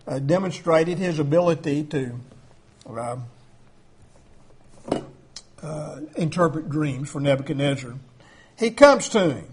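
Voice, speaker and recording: A high-voiced man delivers a sermon in a conversational, emphatic way. He leans on filler words and restarts as he builds his points, and his pitch sits well above most men's. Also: husky. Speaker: preacher.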